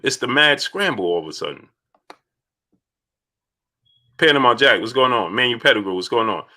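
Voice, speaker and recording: A man's voice: medium pitch, moderate pace, pauses often. A man hosting a live boxing talk stream, greeting viewers by name and repeating himself as he goes. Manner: repetitive, animated, shouts out chat viewers.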